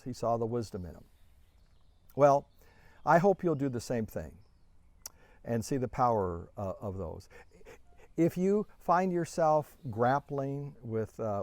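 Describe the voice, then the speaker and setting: Middle-aged guy telling a story, mellow voice, dry close sound, lots of uhs and restarts. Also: medium pitch, no echo. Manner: anecdotal, many fillers and restarts; acts out quoted dialogue with lifted voice. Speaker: author and speaker. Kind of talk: storytelling talk.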